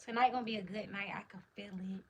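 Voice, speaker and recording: A woman's voice: medium pitch, fairly even intonation, quick pace, fairly bright tone, slight background noise. A woman hosting a livestream, chatting in a hyped, slangy, casual way while answering comments. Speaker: livestream host.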